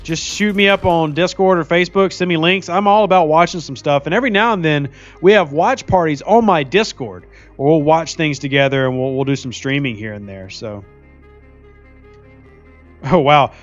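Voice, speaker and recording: In a muffled recording with faint music in the background, a man with a voice on the high side talks at a moderate pace while live-streaming a mobile game. He's chatty and jokey, laughs a lot, and reads his viewers' comments out loud.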